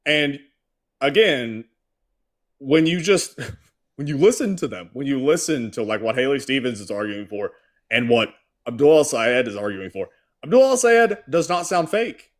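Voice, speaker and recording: A man's voice: medium pitch, sing-song, normal speed. A man hosting a casual political chat, ranting and swearing, and sometimes mocking people in put-on voices. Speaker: host.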